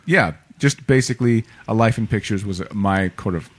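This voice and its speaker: A man with a somewhat low voice co-hosting a casual chat podcast. He tells stories with energy and slips into quoted voices along the way. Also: moderate pace. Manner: animated storyteller, acting out quotes. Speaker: podcast co-host.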